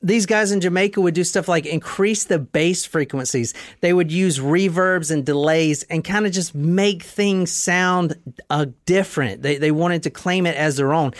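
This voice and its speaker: A podcast host tells a history story in a relaxed, emphatic way, with a mid-pitched voice. The sound is dry and close, with no room around it. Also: dry recording. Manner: storytelling, emphatic, casual with profanity. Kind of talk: casual explainer talk.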